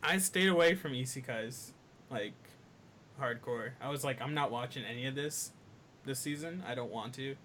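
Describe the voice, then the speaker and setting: A man with an ordinary mid-range voice talks about shows on a podcast. He rambles in a relaxed way and leans on fillers. A faint rumble runs underneath. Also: moderate pace. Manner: laid-back, rambling, with fillers and laughs. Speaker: podcast co-host. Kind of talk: casual anime podcast chat.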